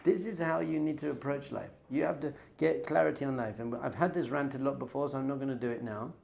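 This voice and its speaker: A middle-aged man, a rabbi, telling a story with excitement, his voice swinging from loud enthusiasm to hushed awe. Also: medium pitch, fast talker, vocal fry. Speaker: rabbi and teacher.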